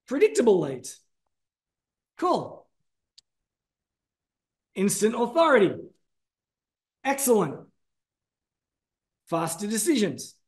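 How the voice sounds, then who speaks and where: A man presenting a business masterclass, energetic and emphatic, calling out to his audience. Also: high-pitched. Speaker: business trainer.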